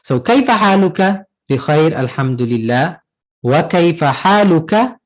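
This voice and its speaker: A man's voice: a little high, animated, normal speed, low-quality recording. Guy teaching an arabic lesson, voice goes up and down a lot, patient, keeps saying "right?". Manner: patient, repeats words and asks "right?". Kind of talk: online class lesson.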